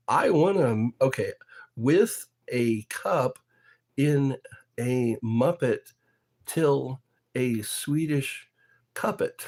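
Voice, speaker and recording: A man streaming live from his home setup, talking slowly with a lively, swooping pitch. He rambles from joke to joke, reads out viewer comments and laughs at his own lines. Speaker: livestreamer. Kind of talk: casual chat with live viewers.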